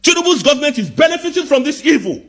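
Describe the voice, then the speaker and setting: A man with a Nigerian accent in an angry live rant, firing off accusing rhetorical questions and sometimes shouting. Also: very high voice, sing-song, fast talker. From southeast Nigeria.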